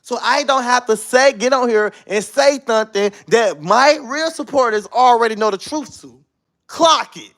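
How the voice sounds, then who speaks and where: A man's voice: very high voice, moderate pace, hardly any pauses, fairly bright tone. A man on a phone live stream, defensive and repeating his points to his viewers. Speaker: livestreamer.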